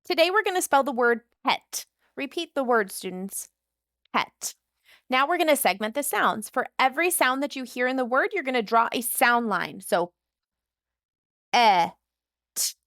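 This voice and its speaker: A woman teacher with a fairly high voice models a spelling lesson, slowly and deliberately sounding out each sound. Her voice is close and dry, with no room around it. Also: lively intonation, a bit bright, no echo. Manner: slow, deliberate, sounding out phonemes.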